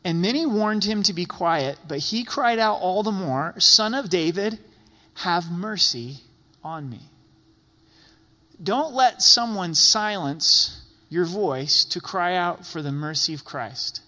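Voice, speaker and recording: A man's voice: high voice, expressive, a little slow, bright, forceful tone. A man preaching a sermon as a pastor, emphatic and repeating phrases for effect. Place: church sanctuary. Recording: long reverb in a large church hall.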